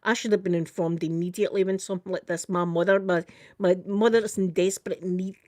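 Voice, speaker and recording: An older Scottish woman tells a story in a lively, chatty way and keeps saying "I says" as she retells what was said. Her voice sits at a middle pitch, and the recording is close and dry with no room sound. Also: fast talker, dry recording. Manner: animated, repeats "I says" while retelling a conversation. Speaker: vlogger. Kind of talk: casual storytelling chat.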